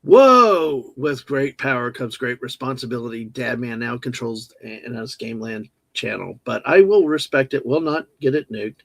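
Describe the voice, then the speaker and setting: A man's voice: medium pitch, lively intonation, normal speed, hardly any pauses, fairly bright tone, dry recording. A man co-hosting a casual livestream, rambling and joking as he reads the chat aloud. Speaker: livestream co-host.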